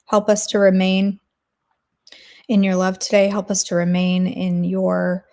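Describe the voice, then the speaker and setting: Speaking in a medium-pitched, monotone, mellow voice at a slightly slow pace, a devotional host offers an earnest daily prayer of intercession, repeating phrases. Afterward, she talks casually with her listeners.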